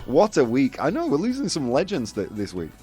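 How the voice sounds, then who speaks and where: Man, young, from the UK, show host, casual chat, animated pitch, lots of ums and restarts. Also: brisk, husky, faint music behind. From United Kingdom. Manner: rambling, many fillers and restarts.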